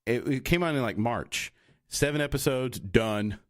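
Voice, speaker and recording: A man co-hosting a casual podcast, talking at an everyday pitch for a man. He rambles from one tangent to the next, restarts his sentences and slips into quoted voices. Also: measured pace. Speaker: podcast co-host. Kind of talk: casual chat.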